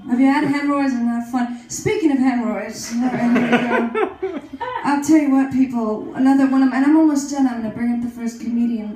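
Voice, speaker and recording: Playing a brassy, crude, rambling comedy show host, a vain aging celebrity who dramatizes herself, a woman performs character comedy on stage. Her slightly high voice has a darkish tone and is lightly acted, with slight background noise in a very echoey live room.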